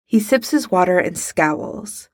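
A woman narrating a fan fiction story aloud in a steady, measured reading. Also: fairly low pitch, no room sound, clean studio sound.

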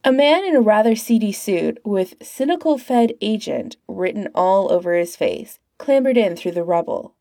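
Woman reading a story in a mellow voice. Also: medium pitch, lively intonation, normal speed, hardly any pauses, no room sound, clean studio sound. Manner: reads aloud, putting on character voices. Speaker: fan fiction reader. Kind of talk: storybook narration.

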